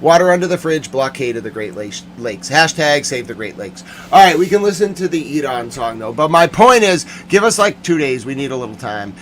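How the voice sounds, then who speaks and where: A man's voice: on the high side, very animated, a little fast, hardly any pauses, slight background noise. Man ranting in mock fury. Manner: sarcastic, mock-angry, shouting bursts. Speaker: streamer. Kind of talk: ranting commentary.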